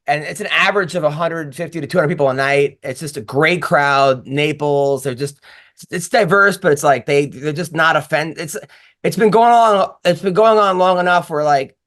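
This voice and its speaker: A man's voice: fairly high pitch, moderate pace, fairly bright tone. Rambling man hosting a podcast. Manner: rambling, with many restarts and fillers. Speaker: podcast host and comedian. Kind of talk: casual podcast chat.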